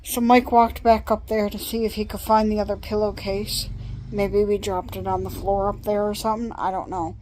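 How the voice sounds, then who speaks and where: Middle-aged lady rambling on a phone vlog, chatty, mid-pitched voice. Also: flat delivery, moderate pace, darkish tone, a little hiss or hum, rough recording. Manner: rambling and chatty, with frequent small laughs. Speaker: vlogger. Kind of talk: casual vlog chat.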